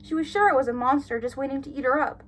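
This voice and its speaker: A woman's voice: sits high, fast talker, fairly bright tone, slight background noise. A young woman reading her old childhood stories aloud and breaking off for sarcastic, giggly, incredulous asides. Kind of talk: reading aloud with running commentary.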